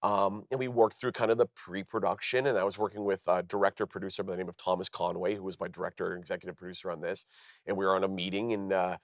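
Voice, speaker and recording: A man's voice: quick pace, no room sound, clean studio sound. A man in his thirties from Canada, a comedian telling stories as a talk show guest, acting out quoted people. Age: 30s. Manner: lively, acts out quoted dialogue in higher voices. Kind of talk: animated storytelling. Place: television studio.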